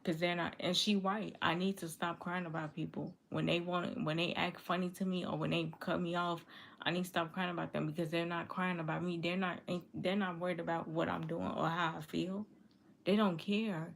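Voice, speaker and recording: Low gravelly woman, earnest and repetitive. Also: flat delivery, moderate pace. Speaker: livestream vlogger reading viewer comments. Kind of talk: casual confessional talk to viewers.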